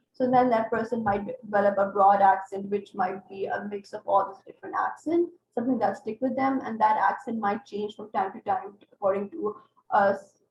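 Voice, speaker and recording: A woman teaching an online class, explaining step by step and checking in with her students. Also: medium pitch. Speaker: English tutor. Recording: roomy, dull lo-fi online class audio.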